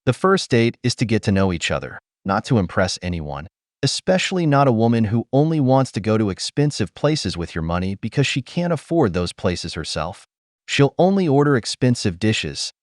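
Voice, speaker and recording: A man's voice: fairly low pitch, dry recording, clean studio sound. A man narrating scripted commentary in a lecturing, preachy way.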